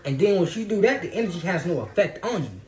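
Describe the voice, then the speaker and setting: A man's voice: sits high, sing-song, quick pace, a little mellow, soft background music. A man giving a loose, profane, preachy spiritual monologue in casual talk. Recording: roomy echo.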